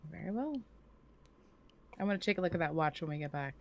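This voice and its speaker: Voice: medium pitch, animated, fast talker, vocal fry. A player in a tabletop game, teasing and suspicious in character.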